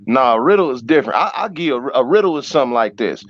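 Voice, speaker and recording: A man's voice: mid-range voice, expressive, very fast, hardly any pauses, no room sound. Rhyming streetwise man, mid voice. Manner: rhyming, profane, streetwise banter. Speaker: panelist. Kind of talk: casual banter with friends. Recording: dull lo-fi recording.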